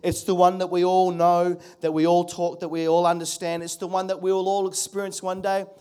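High-voiced man preaching a sermon. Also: little pitch movement, fairly quick, darkish tone, clear, resonant tone. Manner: earnest preaching with rhetorical questions and call-and-response. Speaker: pastor.

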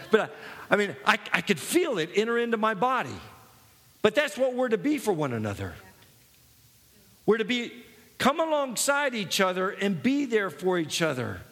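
A man's voice: high voice, fairly bright tone. A man preaching a sermon, earnest and personal, telling his own story with many false starts. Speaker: pastor. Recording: long hall reverb.

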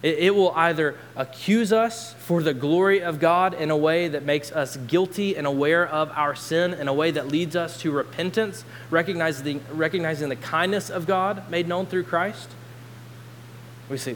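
A man preaching a sermon as pastor, earnest, lifting his voice for quoted scripture and dropping low to press a point. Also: measured pace. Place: church sanctuary. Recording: long hall reverb, faint hum.

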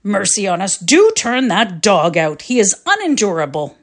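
A woman's voice: mid-range voice, big pitch swings, normal speed. A woman doing a fussy, cordial old-world father. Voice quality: pleasant sing-song voice. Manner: warm, fussing hospitable welcome. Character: cordial fussy middle-aged father, sing-song. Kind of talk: readers' theatre story reading.

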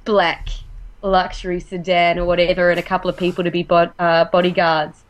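A woman's voice: lowish voice, flat delivery, fairly quick, muffled recording. A woman with an Australian accent, a guest actress telling stories in a casual, laughing podcast interview. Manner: chatty, laughs easily, storytelling.

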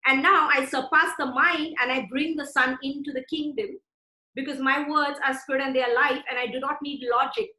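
A woman's voice: high voice, steady tone, normal speed, bright, forceful tone, reverberant, poor audio. A woman preaching a sermon with fervent, conversational delivery and repeated phrases.

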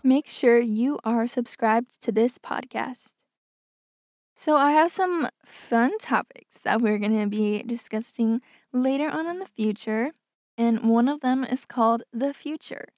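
A young woman hosts a casual podcast, reading listener stories aloud and chatting about them in a studio-quality recording with no room sound. Her voice sits a little high, with a darkish tone and a slightly slow pace. She's chatty, says "like" often, and laughs things off.

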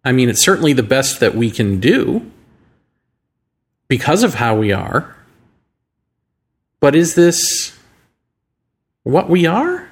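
A man hosting a show, talking through ideas in a musing monologue full of rhetorical questions and slow, deliberate phrasing. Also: medium pitch, sing-song, breathy edge. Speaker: podcast host. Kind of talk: reflective monologue.

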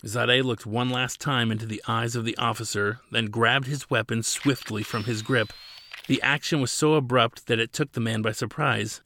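A man's voice: medium pitch, gravelly, bright, forceful tone, slight background noise. A man narrating his own story as an audiobook in a dramatic storytelling manner. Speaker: narrator and author.

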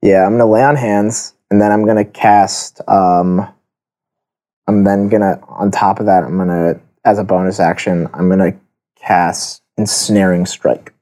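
A man's voice: low voice, steady tone, measured pace, dark tone. A man playing a tabletop game, hesitant and full of fillers as he works out his turn. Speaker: player. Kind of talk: casual tabletop game play.

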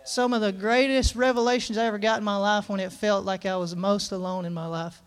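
A man preaches to his congregation in a high, clear voice. His delivery is earnest and folksy, full of restarts and plain country talk as he reads scripture and speaks from the heart. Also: steady tone, fairly quick. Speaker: pastor. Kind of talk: sermon. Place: church.

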